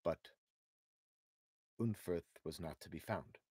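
A man reading a storybook aloud for young students in an expressive, deliberate way. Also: sits low, slightly rough, dry recording. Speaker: narrator.

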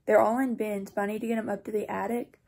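Husky-voiced tired teenage girl. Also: medium pitch, flat delivery, fast, darkish tone. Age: teens. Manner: chatty, rambling, apologetic asides. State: sleep-deprived and tired. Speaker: vlogger. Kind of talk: casual vlog talk to camera. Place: at home.

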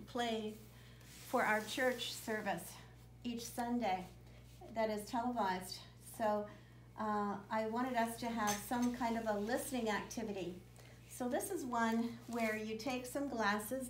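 A woman leads a children's worship time and reads a Bible story aloud in a gentle, storytelling way. Her voice sits a bit high and runs with soft fillers here and there. She talks simply, as if to young listeners. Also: slight background noise, rough recording.

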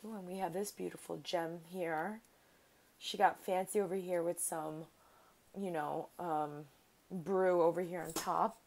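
A woman's voice: lowish voice, steady tone, unhurried, gravelly, a little mellow. A woman vlogger chatting casually while opening a craft mail package, gushing over each item and talking to the sender. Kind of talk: casual unboxing chat.

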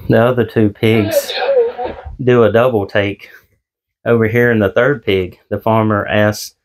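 A man's voice: fairly low pitch, fairly even intonation, a little slow. A man vlogging from his small home office, chatting casually and telling corny jokes in a folksy, self-deprecating way. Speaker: eBay reseller and vlogger.

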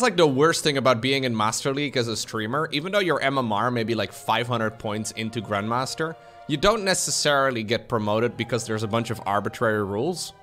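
A man's voice: medium pitch, a bit bright. A young man streaming games, chatty and sarcastic, who laughs often. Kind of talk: casual gameplay commentary.

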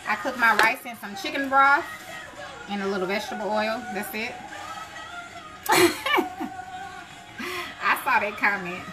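A woman hosts a live cooking stream in a chatty, casual way, talking straight to her viewers. She bursts into joyful shouts of praise now and then. Gospel music plays clearly behind her. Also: mid-range voice, unhurried, pauses often. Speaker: cooking show host. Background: gospel music playing.

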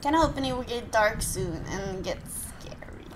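A woman's voice: on the high side, lively intonation, normal speed, background noise. A woman from Norway with a Norwegian accent, chatting casually through a game and startling easily. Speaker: let's play host. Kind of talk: casual gameplay commentary.

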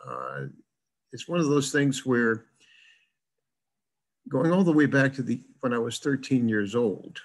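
A man's voice: mid-range voice, very animated, unhurried, long pauses, low-quality recording. An older man from the American South with a plain Midwestern-sounding accent, lecturing in an online class in a chatty, rambling way with lots of fillers.

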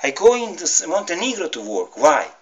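A middle-aged man from Serbia with a Serbian accent, ranting to camera in halting, broken English, heated and pleading. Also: fairly high pitch, very animated, low-quality recording. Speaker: vlogger. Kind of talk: emotional rant to camera.

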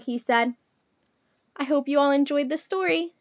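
A woman reading a picture book aloud to children, clear and gentle like a teacher. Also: high-pitched, moderate pace, dry recording, lo-fi sound. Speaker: storytime reader.

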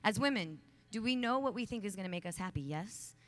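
A woman's voice: medium pitch, animated, a little fast. A woman in her thirties giving a heartfelt, emphatic talk to young women from a conference stage, chatty and full of fillers when telling stories. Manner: chatty storytelling with many fillers. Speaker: conference speaker. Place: large conference hall stage.

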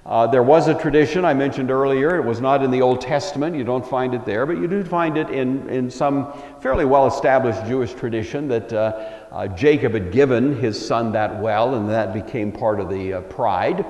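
A man lectures on scripture in an easy, reflective tone, often pausing on an "uh" as he thinks his way through the passage. His medium-pitched voice carries around a roomy hall, and a long echo trails behind each phrase. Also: a little mellow, muffled recording. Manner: conversational, thoughtful, many uh fillers. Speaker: Bible lecturer. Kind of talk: Bible lecture.

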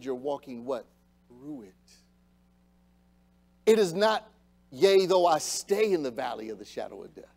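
A male pastor preaching a sermon in church, swinging between quiet reflection and loud, fired-up exhortation. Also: fairly high pitch. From United States. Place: church sanctuary.

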